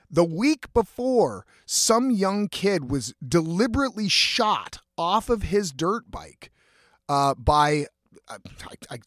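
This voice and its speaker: A host with a slightly high, somewhat bright voice tells a long, rambling story on his own show, cursing heavily and leaning on fillers. The recording is dry and sounds clean, like a studio.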